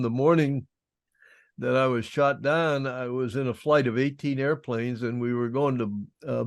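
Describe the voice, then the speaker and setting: An older man, a former prisoner of war, recounts his experiences as an interview guest. His voice has a gravelly edge at a middle pitch, and the recording is dry and close. He talks plainly, with a wry, self-deprecating humor. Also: no echo. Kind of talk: storytelling in an interview.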